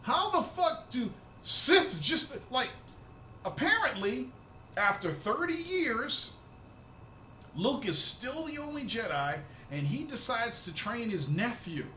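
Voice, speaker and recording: Excitable swearing man with a high, bright voice in an echoey room; ranting vlog host. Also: slow pace, a little hiss or hum. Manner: loud, excitable, swearing freely. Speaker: host of a rant video. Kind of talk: profane fan rant.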